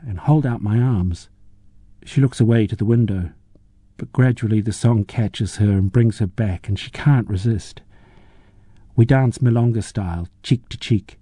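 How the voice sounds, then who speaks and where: Male audiobook narrator: very dark, mellow tone, measured and reflective. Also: mid-range voice, no echo.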